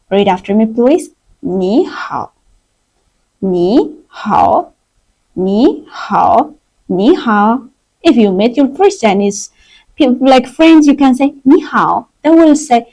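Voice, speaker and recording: Slow, lively woman teaching a language. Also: medium pitch, rough recording. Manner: drills words slowly for learners to repeat; non-native English with simple phrasing. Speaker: Chinese teacher. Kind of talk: live-streamed language lesson. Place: online live stream.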